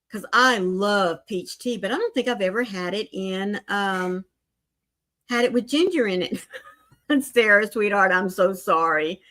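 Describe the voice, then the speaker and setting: An older woman with a somewhat high voice hosts a relaxed crochet livestream from home. She chats along, greets viewers one by one, and gushes with animated exclamations. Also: moderate pace. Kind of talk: casual livestream chat.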